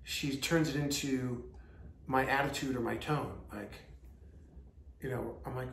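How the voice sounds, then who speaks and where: A man's voice: mid-range voice, fairly even intonation, gravelly, fairly bright tone, roomy sound, a little hiss or hum. Emphatic Long Island man ranting. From Long Island, New York. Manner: emphatic, rapid rants with mimicked quotes. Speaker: guest. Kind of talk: casual chat.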